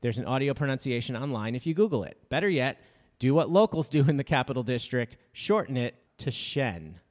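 A man's voice: medium pitch, very animated, fairly quick, darkish tone, long reverb tail. A man co-hosting a podcast in casual chat, joking and reading listener emails aloud. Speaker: podcast co-host.

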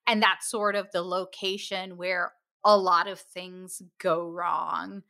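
A woman co-hosting a book podcast talks through a novel she loved, in unhurried, easygoing chat. Her delivery is slow and measured, and her voice is bright and forward. She pokes fun at her own pronunciation now and then. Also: on the low side, flat delivery, gravelly. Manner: unhurried, self-deprecating about pronunciation. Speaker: podcast co-host. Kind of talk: casual book-review chat.

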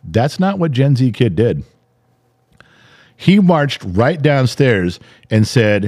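A man's voice: medium pitch, huge pitch swings, takes it slowly, a little mellow. A middle-aged man co-hosting a podcast, telling a story in casual chat, profane and exasperated, acting out what people said. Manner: profane, exasperated, acts out quotes. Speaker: podcast co-host.

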